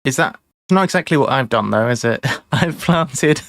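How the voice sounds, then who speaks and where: A man's voice: mid-range voice, expressive, moderate pace, creaky, fairly bright tone. A man streaming a board game live, chatting casually, rambling and laughing at his own mistakes. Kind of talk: casual live-stream chat while playing.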